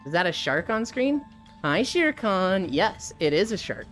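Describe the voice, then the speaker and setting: A woman's voice: medium pitch, a little slow, soft background music. A woman hosting a live stream, chatting casually with a guest, swearing freely and greeting chat viewers as she goes. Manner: animated, swears freely, reads chat aloud. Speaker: streamer host.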